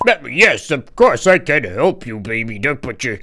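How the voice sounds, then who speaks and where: A man's voice: medium pitch, sing-song, normal speed, sharp tone, full character voice. Man playing a hesitant stammering dentist. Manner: hesitant, stammering, many fillers. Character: hesitant adult male dentist. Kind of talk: Minecraft role-play voice acting.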